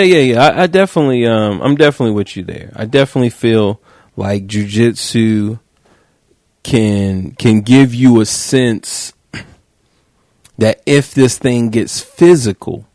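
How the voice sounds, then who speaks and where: Male podcast host, gravelly voice, slangy comic banter, dry close sound. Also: mid-range voice, unhurried, dry recording. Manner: joking, animated, slangy riffing. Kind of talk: casual podcast chat.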